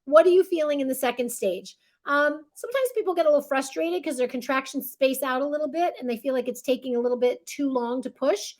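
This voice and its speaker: A middle-aged woman with a high voice walks expectant parents through the stages of labor. She talks in a relaxed, conversational way and keeps checking in with her listeners. When she plays the staff in the room, she acts out what they say. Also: quick pace. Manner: chatty, reassuring, keeps checking in with "right?"; acts out what midwives and nurses say. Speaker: childbirth educator. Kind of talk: casual instructional talk with a demonstration.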